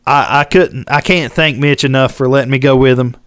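A man telling a hunting-trip story in casual podcast chat, animated and drawling, acting out quotes and laughing along. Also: medium pitch, brisk, clear, resonant tone, no echo, studio quality. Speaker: podcast co-host.

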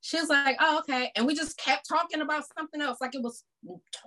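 Guest: bright-voiced woman, high-pitched, animated storyteller who mimics relatives. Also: quick pace. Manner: animated, acts out family members' voices. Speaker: podcast guest. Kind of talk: casual storytelling.

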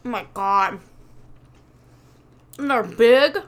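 A woman's voice: on the high side, drawn-out words. A woman in her thirties chatting casually as a podcast co-host, a rambling storyteller who swears a lot. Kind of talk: casual chat.

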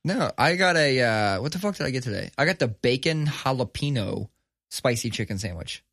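A lively, swearing man spins a story for a podcast, his pitch swinging up and down. His voice is bright and forward, recorded close and dry with no room sound around it. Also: normal speed, dry recording. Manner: animated, profane, acts out voices in his stories. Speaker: podcast co-host. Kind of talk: casual storytelling chat.

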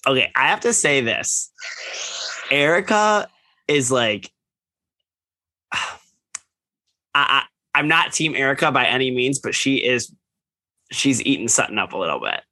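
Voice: mid-range voice, sing-song, unhurried, long pauses, pushed and bright, no room sound. A speaker in casual chat, hesitant and full of fillers. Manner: hesitant, filler-heavy, giggly.

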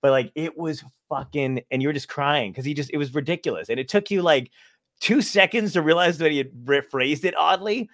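Excitable laughing male podcast host. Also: fairly high pitch, a little fast, dry recording, studio quality. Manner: laughs often, swears freely, excitable. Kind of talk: casual banter.

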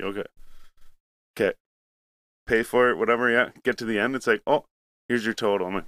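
A man's voice: lowish voice, fairly even intonation, brisk, pauses often, sharp tone, no room sound. A young man from Canada in casual chat, telling a rambling, profane story with acted-out asides.

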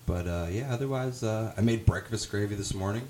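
A man's voice: fairly low pitch, fairly quick, a little mellow, slight background noise. A young man, a podcast guest, telling rambling, profane stories in casual chat.

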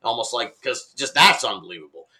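A middle-aged man telling a story in casual conversation, animated and laughing often, with casual swearing. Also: medium pitch, fairly quick, low-quality recording. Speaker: podcast guest.

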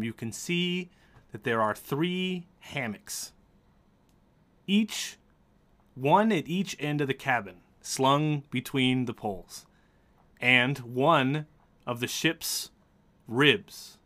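A man with a bright, forceful voice narrates a tabletop role-playing game as its game master. He sets each scene in a measured, descriptive way. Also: mid-range voice.

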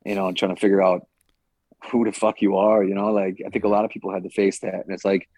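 A man's voice: sits low, little pitch movement, fast talker, a little mellow, dry recording. A man who trains fighters, chatting casually on a podcast, rambling and swearing now and then with lots of "like" and "you know".

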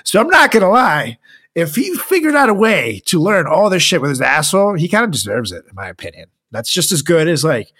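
A man's voice: fairly high pitch, a little fast. A man co-hosting a comedy podcast, telling a story with lots of jokes and laughter. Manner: joking, laughs often, animated storytelling. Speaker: podcast co-host. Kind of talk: casual comedic podcast chat.

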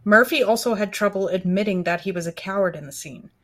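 A woman co-hosting a podcast in casual book-club chat, mostly adding short agreeing replies and reading out facts. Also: fast talker. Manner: low-key, brief agreeing replies, reads out trivia. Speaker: podcast co-host.

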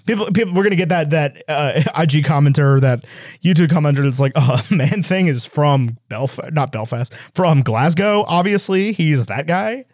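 A man in casual movie chat, animated, with quick asides and voices when he retells scenes. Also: fairly high pitch, dry recording, clean studio sound.

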